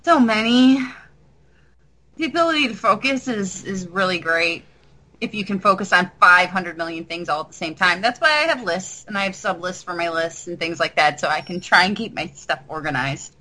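Bright-voiced woman co-host, self-deprecating. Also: lowish voice, expressive, normal speed, rough recording. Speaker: podcast co-host. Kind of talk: casual comedy podcast chat.

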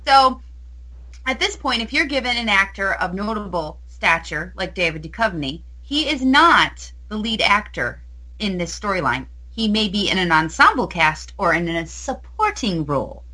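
A woman's voice: medium pitch, very animated, normal speed, bright, forceful tone. A woman co-hosting a casual podcast, enthusiastic and gushing as she chats. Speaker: podcast co-host.

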